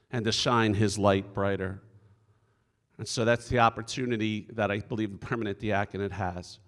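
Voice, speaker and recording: A middle-aged deacon from the Philadelphia area tells stories in a folksy, earnest sermon from a conference hall stage. His voice is medium-pitched and fairly bright, and the hall gives the recording an echoey sound.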